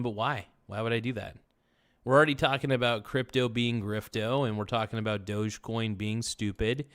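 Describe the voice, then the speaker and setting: Here a man runs a laid-back livestream, joking and rambling with his chat and breaking into silly chants. His mid-range voice holds a steady tone at a moderate pace, sounding fairly bright, clear and resonant.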